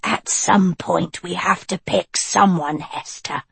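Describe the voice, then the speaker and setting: A woman voicing a sharp, worried young witch who talks in a pressing, curt way, a little lower than her narrating voice and set back from the mic. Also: slow pace, vocal fry, breathy edge, dry recording, exaggerated voice. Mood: urging.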